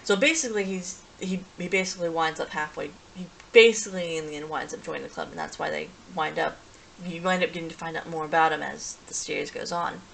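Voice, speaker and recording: A woman's voice: sits low, fast, vocal fry, fairly bright tone, slight background noise, poor audio. A woman giving a casual, rambling plot recap as a reviewer, full of restarts and fillers.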